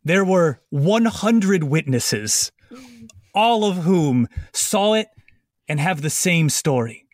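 A smug prosecutor from a comedy tabletop game, played by a man who speaks in a fairly high voice. He grandstands with slow, dramatic pauses. The sound is dry and close to the mic. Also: animated, dry recording. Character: smug, theatrical male prosecutor.

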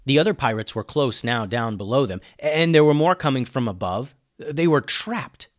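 Man reading a kids' adventure tale. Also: normal speed. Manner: lively, dropping low on speech tags. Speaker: storyteller. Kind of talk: reading a children's adventure story.

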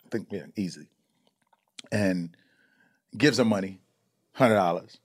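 A man from Chicago, a comedian guest, telling casual stories in a profane, animated way and acting out the people in them. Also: low voice, unhurried. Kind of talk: casual storytelling chat.

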